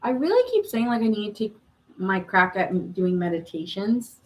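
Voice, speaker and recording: A woman's voice: mid-range voice, very animated, normal speed, rough recording. A woman hosting a live tarot reading stream, chatting casually and answering viewer comments with frequent laughs.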